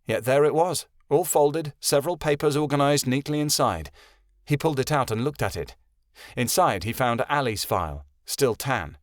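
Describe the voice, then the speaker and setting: A man narrating a fantasy audiobook in a steady storytelling voice. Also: medium pitch, moderate pace, dry recording. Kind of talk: scripted narration.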